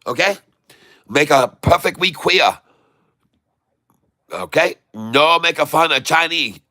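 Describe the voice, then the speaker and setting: A man putting on a halting, broken-English male persona, speaking slowly with many pauses. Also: on the high side, lively intonation, sharp tone, dry recording, clean studio sound, pitched above the performer's own voice, full character voice. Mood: insistent. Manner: slow, halting, full of uh pauses.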